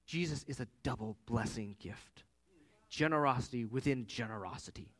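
A man in his thirties preaching a sermon as pastor, with animated storytelling that rises loud for quoted voices. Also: mid-range voice, normal speed.

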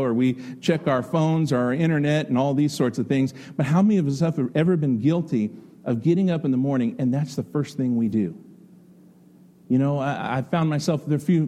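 A middle-aged pastor preaching a conversational, folksy sermon full of stories and rhetorical questions. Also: male voice, mid-range voice, warm tone.

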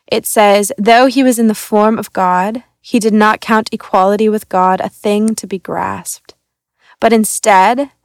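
Young woman reading a church devotional, earnest and reflective, gravelly tone, dry close sound. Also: mid-range voice, dry recording. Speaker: church creative arts coordinator.

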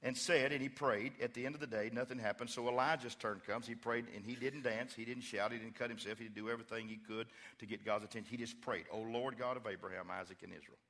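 A man preaching in a church with a bright, forceful voice that rings out in a long hall reverb. He moves between hushed, playful retellings of scripture and rising, fervent calls to the congregation. The delivery is a lively mix of humor and fire. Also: mid-range voice, fast, few pauses. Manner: swings from quiet storytelling to loud fervent preaching. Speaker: pastor. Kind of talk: sermon. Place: church sanctuary.

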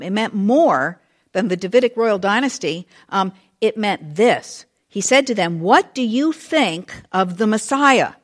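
A woman teaching a Bible study in a chatty, conversational way, full of asides and lively retelling. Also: mid-range voice. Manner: expressive, animated retelling.

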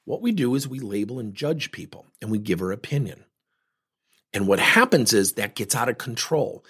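A man's voice: mid-range voice, expressive, moderate pace, sharp tone, breathy edge. A man hosting a coaching podcast, talking animatedly with rhetorical questions and acted-out quotes. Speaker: leadership coach and podcast host. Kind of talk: solo coaching talk.

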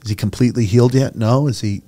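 A man's voice: medium pitch, steady tone, quick pace, warm tone. A middle-aged man, a senior pastor, talking earnestly and passionately in a conversational interview. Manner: earnest, impassioned storytelling, gets choked up.

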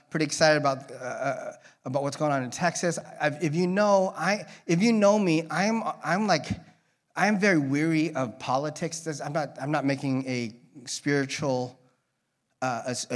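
A man preaching a casual sermon to a church congregation, joking and wandering off on tangents as he talks. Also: mid-range voice. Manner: rambling, joking, drifting into tangents. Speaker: guest preacher.

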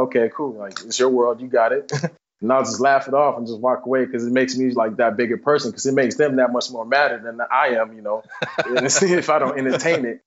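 On a podcast with dull, lo-fi audio, a young football player tells stories as a guest in a fast, casual way, repeatedly using fillers such as "you know what I'm saying." His voice has a medium pitch and a fairly bright tone.

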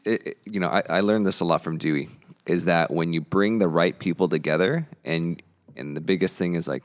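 A man with a notably low voice co-hosts a podcast. He speaks earnestly but haltingly, restarting his sentences as he works toward the point. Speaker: podcast co-host. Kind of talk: casual chat.

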